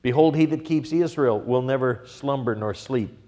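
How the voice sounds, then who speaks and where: A man's voice: medium pitch, normal speed, dark tone, big-room sound, dull audio. Storytelling male pastor preaching. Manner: storytelling with acted-out quotes, building to emphatic peaks. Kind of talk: sermon.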